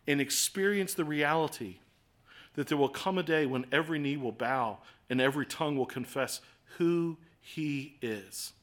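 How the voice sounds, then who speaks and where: A man preaching a sermon, earnest, moving between quiet reflection and impassioned appeals. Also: fairly high pitch, normal speed. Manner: earnest, swings from hushed to impassioned.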